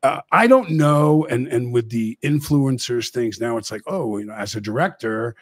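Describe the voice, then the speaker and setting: A man's voice: medium pitch, expressive, normal speed, dry recording. A middle-aged man hosting a talk show, telling rambling anecdotes in casual chat.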